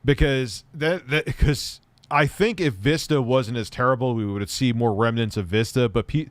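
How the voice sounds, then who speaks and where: A man's voice: mid-range voice, moderate pace, no echo. A middle-aged man hosting a live tech stream, rambling and cracking crude jokes at his chat.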